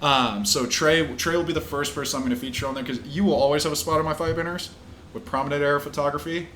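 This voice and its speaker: A young man who hosts a casual podcast and is a pro fighter talks loosely, swearing often and laughing easily. His voice is a little high and bright with fairly even intonation and a quick pace, recorded in an echoey room with faint ambience and slight background noise.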